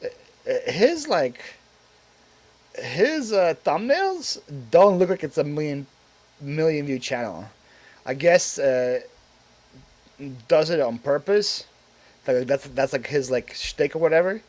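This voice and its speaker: A man with a slightly raised pitch chats casually on a live stream. He rambles and fills his sentences with filler words. He often reads viewer comments aloud and then answers them. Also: very animated, slow, long pauses, a little mellow.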